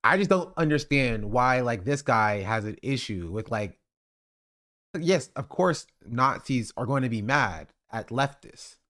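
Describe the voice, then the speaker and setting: A man's voice: mid-range voice, expressive, a little slow, fairly bright tone. A man streaming and reacting to a clip in casual commentary, full of fillers and laughter. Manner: laughing, filler-heavy, mocking.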